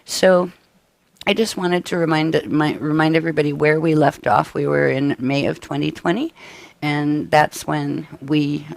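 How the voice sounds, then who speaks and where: A man presenting a live-stream workshop briefing, tired and coughing, with his voice giving out and frequent halting restarts. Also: a little high, steady tone, creaky. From United States. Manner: tired, up all night.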